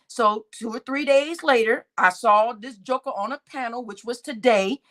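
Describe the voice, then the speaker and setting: A woman's voice: a little high, moderate pace, fairly bright tone. A woman hosting her own channel, telling her viewers a heated story in a casual, profanity-laced rant and talking straight to them. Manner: talks straight to her audience as y'all. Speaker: channel host.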